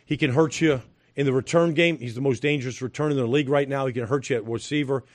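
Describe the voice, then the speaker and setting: A man's voice: medium pitch, fairly even intonation, fast talker, dry recording. A middle-aged man giving football analysis as a studio guest, talking emphatically with repeated phrases and fillers. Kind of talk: studio sports analysis chat.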